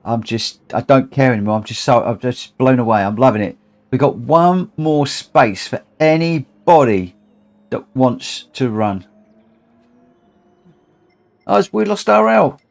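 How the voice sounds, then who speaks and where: A man's voice: medium pitch, lively intonation, unhurried, gravelly. A tired man hosting a long charity gaming livestream, chatting casually, rambling and repeating himself as he gets emotional. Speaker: livestream host.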